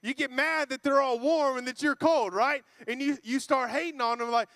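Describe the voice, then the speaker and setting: A man preaching a lively, joking sermon to a church congregation, acting out quoted voices. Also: extremely high pitch, normal speed, gravelly, hardly any pauses, no room sound, studio quality. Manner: playful, acts out quoted voices.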